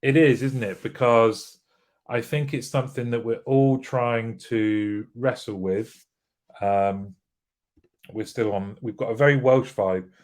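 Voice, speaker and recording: Unhurried British man hosting a live show. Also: medium pitch, steady tone, darkish tone. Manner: chatty, jokey, greets viewers by name. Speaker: livestream host. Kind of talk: casual live show chat reading viewer comments.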